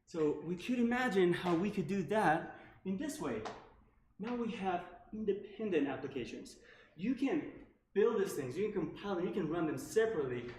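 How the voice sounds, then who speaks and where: A man's voice: high-pitched, animated, normal speed, darkish tone. A man giving a casual technical talk at a developer meetup, full of fillers like "like" and "right?". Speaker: meetup speaker. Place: meetup room. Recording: echoey room, faint background noise.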